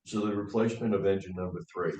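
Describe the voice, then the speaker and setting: A man's voice: deep voice, steady tone, fast talker, a little mellow. A man chairing a town committee meeting, asking plain procedural questions and calling votes. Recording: distant mic in an echoey, noisy room.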